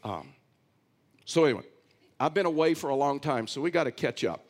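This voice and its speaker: A male pastor with a somewhat higher-than-average voice delivers an emphatic, repetitive sermon, reading scripture aloud and then explaining it. He often says "listen" to draw the congregation back in, speaking a little fast with lively intonation.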